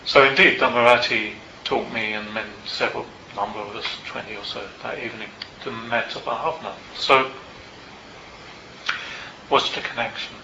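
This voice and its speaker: An older man, a meditation teacher, tells a personal story to a group in a Buddhist centre, in a reflective and unhurried way with small asides. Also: mid-range voice, steady tone, background noise. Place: Buddhist centre meeting room. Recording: roomy, slightly dull hall recording.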